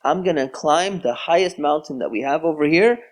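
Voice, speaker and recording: A man's voice: fairly high pitch, fairly quick, natural voice. A man playing a defiant young son, cocky, dismissive, slightly raised voice. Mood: confident. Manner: dismissive, self-assured.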